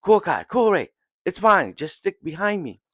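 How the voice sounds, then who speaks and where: A man's voice: medium pitch, animated, a little slow, fairly bright tone, no echo, voice pushed up. A man doing a bold young warrior captain. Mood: commanding. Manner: firm, reassuring commands.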